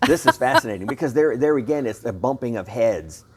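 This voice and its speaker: A man's voice: mid-range voice, lively intonation, fairly quick, a little mellow, husky. A man hosting a casual chat, talking in a rambling, emphatic way and often repeating himself. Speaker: bullion dealer host.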